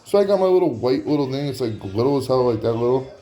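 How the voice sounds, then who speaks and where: A man's voice: mid-range voice, animated, fast, mellow. A man telling a comic story in a rambling, profane way, full of "like" fillers.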